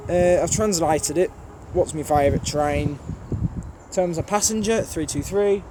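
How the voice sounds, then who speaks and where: A man with a thick Birmingham accent chats bluntly through a casual vlog Q&A, rambling and dropping fillers as he goes. His voice sits a little high for a man. He was recorded outdoors at a railway station, with clear outdoor noise behind him. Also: a little slow. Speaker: trainspotting channel host.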